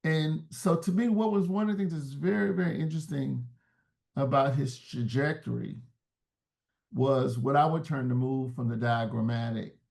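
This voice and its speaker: A man's voice: medium pitch, normal speed, creaky, a little mellow. A man talking as an interview guest in a reflective, searching way, often restarting words mid-thought. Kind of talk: casual interview talk.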